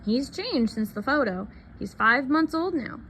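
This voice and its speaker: Woman reader doing gentle storybook dad, soft and reassuring, faint hiss. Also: high-pitched, animated, measured pace, voice pushed up, exaggerated voice, rough recording. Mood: soothing. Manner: gentle, soothing. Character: calm reassuring father.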